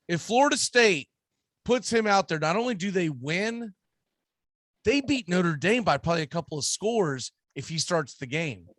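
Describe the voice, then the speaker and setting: Brief: Southern US male radio host, animated and opinionated, dry studio. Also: high-pitched, dry recording. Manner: emphatic, animated, ranting. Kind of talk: casual sports talk.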